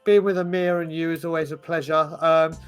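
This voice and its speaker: A man's voice: on the high side, little pitch movement, a little fast, smooth, faint music behind. A man co-hosting a casual chat, cheerful and self-mocking. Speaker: co-host.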